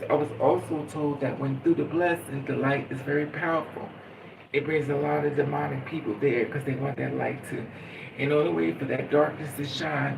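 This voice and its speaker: A man's voice: mid-range voice, vocal fry. A man talking in a casual spiritual monologue, earnest and rambling, repeating phrases like a chant. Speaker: vlogger. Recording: noisy, from a distance.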